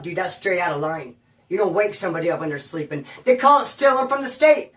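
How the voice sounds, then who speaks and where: A man's voice: high-pitched, lively intonation, quick pace, fairly bright tone, far from the mic. A man from California casually telling a prison story in rambling, slang-heavy talk. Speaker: former inmate telling prison stories.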